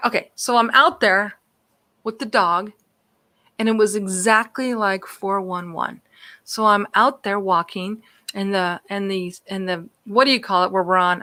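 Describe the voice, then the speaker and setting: A woman guest telling a personal story in a rambling, animated way, often calling out to her listeners. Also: medium pitch. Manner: animated, rambling, addresses listeners as "you guys". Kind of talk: excited storytelling on a talk show.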